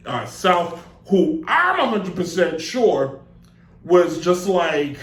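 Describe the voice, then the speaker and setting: A man hosting a live sports talk show, rambling and joking in a loose, animated way. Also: high-pitched, slow pace. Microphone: desk mic on a stand. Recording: echoey room.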